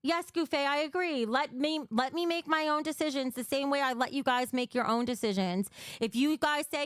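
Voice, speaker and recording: A woman's voice: high voice, moderate pace, dry recording, studio quality. A young woman hosting a livestream, talking bluntly and emotionally, swearing freely while answering her chat. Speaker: livestream host.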